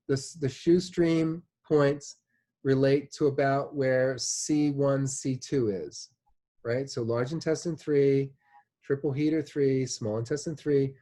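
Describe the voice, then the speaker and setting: A man's voice: mid-range voice, warm tone. Guy teaching a class, super casual, lots of "like" and "you know", keeps saying "right?". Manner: casual, chatty, checks in with "right?" often; many fillers like "like" and "you know". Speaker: instructor. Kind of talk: classroom lecture.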